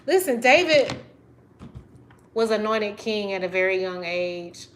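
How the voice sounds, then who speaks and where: A woman's voice: mid-range voice, expressive, unhurried, pauses often, slight background noise. A woman reading tarot cards on a livestream, talking effusively and getting emotional. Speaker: tarot reader.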